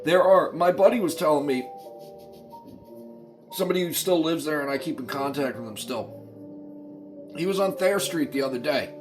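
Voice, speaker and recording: Brief: high-pitched male commentator, heated profane rant, faint music under. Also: moderate pace, pauses often. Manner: profane, impassioned, pleading. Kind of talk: angry political rant to camera.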